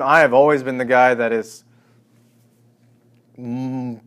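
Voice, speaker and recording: A man's voice: mid-range voice, smooth. A man preaching a sermon, reading scripture and acting out the quoted speech with rising emphasis and sarcasm.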